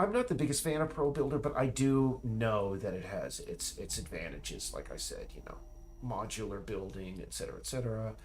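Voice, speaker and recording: A middle-aged man chatting while he works on a game, drifting into tangents and restarting his sentences. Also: lowish voice. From United States. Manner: rambling, tangents, frequent restarts and stammers. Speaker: indie game developer streaming. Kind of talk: casual rambling chat while working.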